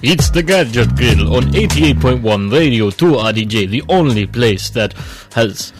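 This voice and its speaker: A man's voice: medium pitch, lively intonation, unhurried, music in the background. A man putting on a hammy male vampire voice with a bad Transylvanian accent, drawn out and theatrical. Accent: put-on bad Transylvanian accent.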